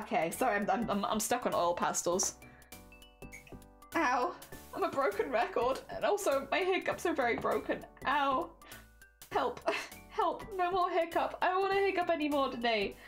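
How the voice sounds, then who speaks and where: A young British woman streaming while she crafts, chatting casually and self-deprecatingly with her viewers, often sighing "oh dear". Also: high voice.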